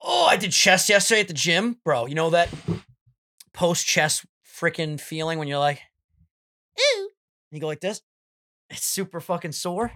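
A young man co-hosting a podcast, casual and profane, quick with jokes and bits. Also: a little high, animated, pushed and bright, no echo, clean studio sound. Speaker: podcast co-host.

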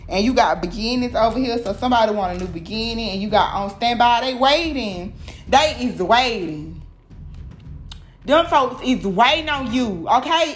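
Profane, animated woman reading tarot. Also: fairly high pitch, normal speed. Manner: profane, animated, talks straight to viewers. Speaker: tarot reader. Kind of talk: casual tarot reading vlog. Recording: echoey room with clear background noise.

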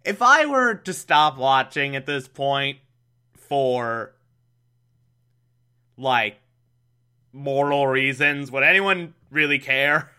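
A man's voice: mid-range voice, animated, takes it slowly, pauses often, sharp tone, clear, resonant tone. A man giving a sarcastic, exasperated recap of an old TV episode, mocking it and laughing at it. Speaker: show recapper.

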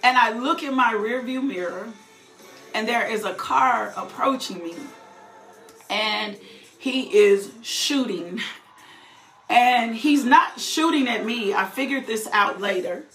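A woman's voice: on the high side, takes it slowly, a bit bright, soft background music. A woman giving a fervent, emotional personal testimony, repeating phrases and breaking into laughter. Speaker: testifying believer. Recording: roomy echo.

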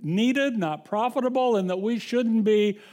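High-voiced man preaching a sermon. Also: unhurried, darkish tone. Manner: conversational preaching with restarts and scripture reading. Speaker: pastor.

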